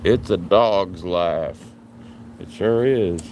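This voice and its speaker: This middle-aged man talks very slowly as he walks around his home and yard on a phone livestream, relaxed and chatty throughout. He breaks into a high sing-song voice for his dog, and the stream picks up faint outdoor noise.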